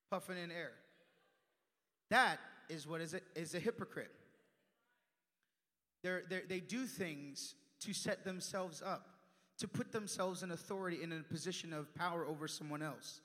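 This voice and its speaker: Young guy preaching, high bright voice, loud then hushed, big churchy reverb. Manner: animated, swings from loud emphasis to hushed asides. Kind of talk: sermon. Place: church sanctuary.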